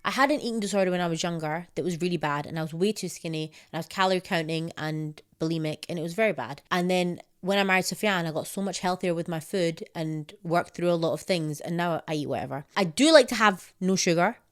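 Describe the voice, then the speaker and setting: A young woman vlogger telling a personal story to camera in a casual, animated way, acting out her own past reactions in higher bursts. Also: fast talker, few pauses. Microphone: close mic.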